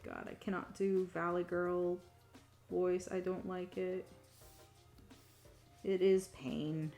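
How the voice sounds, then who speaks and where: Woman, casual stream chatter, slow unhurried pace, faint music behind. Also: fairly low pitch, level tone. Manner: rambling, self-talk with many fillers, soft muttering asides. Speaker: streaming digital artist. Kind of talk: casual live-stream chat while drawing.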